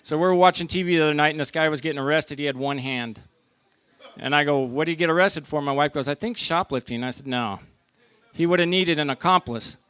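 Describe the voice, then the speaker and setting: A middle-aged man doing a stand-up comedy set, telling his stories deadpan and acting out his own lines as he goes. His voice sits a little high for a man, bright and forceful. The sound is dry and close, straight into a stage mic. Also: fast, smooth, dry recording. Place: comedy night at a barbecue lounge.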